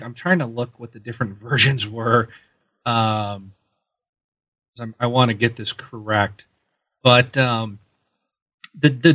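Bright-voiced man on a dull mic. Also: medium pitch. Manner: chatty, hesitant with ums. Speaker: podcast co-host. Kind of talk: casual chat.

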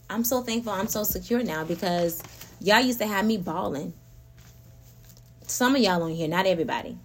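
A woman in a middle pitch hosts a casual talk about faith and everyday life. She is animated and laughs often, speaking straight to her listeners. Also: moderate pace, long pauses, slight background noise. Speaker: podcast host.

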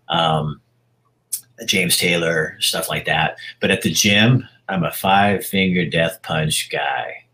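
A man in his sixties being interviewed, talking frankly and reflectively about his life, with halting restarts. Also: deep voice, sharp tone, rough recording. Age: 60s. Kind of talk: candid personal interview.

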